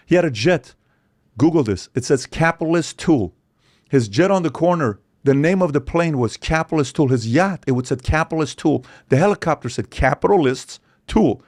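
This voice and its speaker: A man in his forties holds forth as a podcast guest, with a gravelly, creaky edge to his mid-range voice. His pitch swings widely as he hammers home points with rhetorical questions, and he mimics other people's voices mid-story. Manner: acts out quoted voices, emphatic, rhetorical questions. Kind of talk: animated opinionated monologue.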